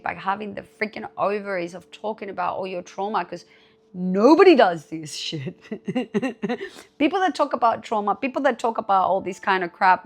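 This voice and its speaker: A woman hosting her own podcast, talking casually and candidly, swearing freely and with animation. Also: mid-range voice. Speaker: podcast host. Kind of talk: casual solo podcast talk.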